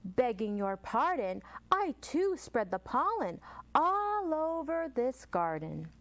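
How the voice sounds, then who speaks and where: A woman's voice: high-pitched, very animated, slow, fairly bright tone, slight background noise, full character voice. A woman voicing a prim butterfly who brags about spreading pollen, in a storybook reading. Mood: bragging. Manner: prim, bragging. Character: bragging prissy butterfly.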